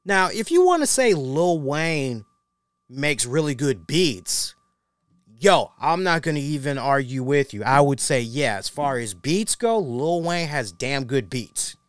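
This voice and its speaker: A man's voice: mid-range voice, very animated, unhurried, smooth, no room sound. Slangy, joking male wrestling reviewer. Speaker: wrestling review show host. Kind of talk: casual commentary.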